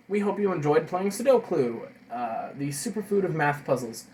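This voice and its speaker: Young dude rambling through a comic review, sarcastic, talks to himself a lot, bit of a higher voice, faint noise. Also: male voice, animated, moderate pace. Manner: sarcastic, reads comics aloud in silly voices, mumbles to himself. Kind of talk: casual comic review chat.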